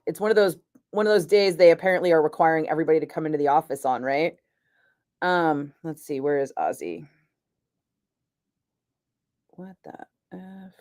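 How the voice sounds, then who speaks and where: A middle-aged woman, a radio host, telling a story in a chatty, animated way and laughing often. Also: deep voice, normal speed, long pauses, no room sound, studio quality. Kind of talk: casual storytelling chat.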